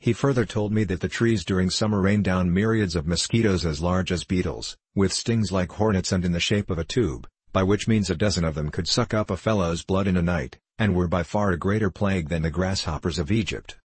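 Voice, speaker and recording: A man's voice: low voice, a little fast, few pauses, breathy edge, no room sound. A man reading the part of a hearty young man who tells exaggerated horror stories with theatrical relish. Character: boisterous gossiping young English man, fond of tall tales.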